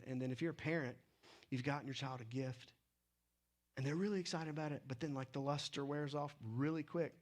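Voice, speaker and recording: A man preaching a sermon in a casual, animated way, slipping into quick acted asides. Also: medium pitch. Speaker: pastor.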